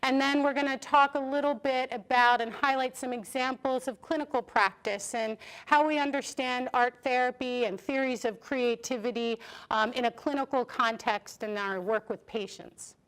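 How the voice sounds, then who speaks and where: A woman professor giving a lively, chatty lecture on a stage, asking the audience questions. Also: high voice, moderate pace, hardly any pauses. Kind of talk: public lecture with audience interaction. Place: lecture hall with live audience. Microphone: stage microphone, sometimes moving off it.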